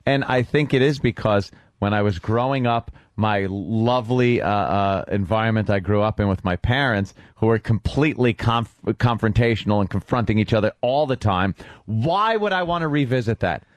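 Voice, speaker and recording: A man's voice: on the low side, moderate pace, no echo. A man co-hosting a radio talk show, speaking bluntly and wryly into a studio microphone.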